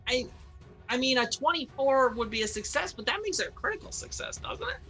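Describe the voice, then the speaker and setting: A woman player in a tabletop game, excitedly working through dice rolls and rules. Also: high voice, brisk, faint music behind. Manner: excitable, chattering rules talk. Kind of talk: casual tabletop play.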